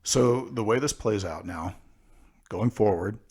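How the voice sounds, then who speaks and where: A man's voice: lowish voice, a little mellow, slightly rough. A man co-hosting a casual podcast, asking questions and hesitating with frequent "uh"s. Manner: hesitant questioner, filling pauses with "uh". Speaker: podcast co-host.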